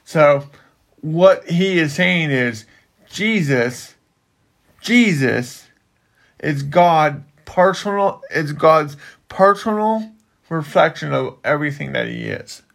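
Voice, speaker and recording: A man's voice: on the high side, animated, slow, vocal fry, fairly bright tone. A man who works in ministry, explaining a Bible passage in casual, rambling talk with frequent restarts. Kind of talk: casual Bible study chat.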